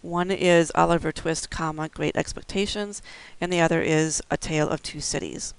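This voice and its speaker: A man's voice: a little high, fairly even intonation, normal speed, creaky, clean tone, low-quality recording. A man giving a recorded instructional lecture, explaining things step by step with occasional fillers. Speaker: braille instructor.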